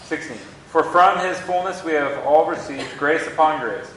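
A man in a class reading a scripture passage aloud at a steady pace. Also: on the high side, normal speed, a little hiss or hum. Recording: distant voice in a very echoey room.

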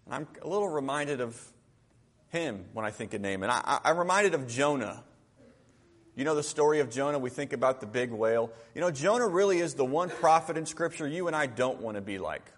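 A man's voice: mid-range voice, lively intonation, a little fast. A man preaching a conversational sermon, often asking his listeners questions.

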